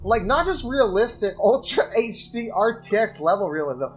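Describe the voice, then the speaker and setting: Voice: mid-range voice, sing-song, normal speed, faint music behind. A host reading joke horror stories aloud and breaking off for casual, profane commentary, with frequent laughter. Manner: casual, swears a lot, laughs often.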